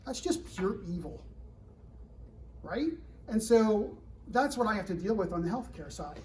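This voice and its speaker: A middle-aged man with a high-pitched voice talks to a live student audience at an event. He is animated and keeps asking the room questions. The mic sits a bit far from him, with a faint hum of room ambience behind. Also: a little slow. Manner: animated, rhetorical questions to the crowd, frequent "right?". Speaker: government security director speaking to students. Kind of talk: fireside chat to a live audience.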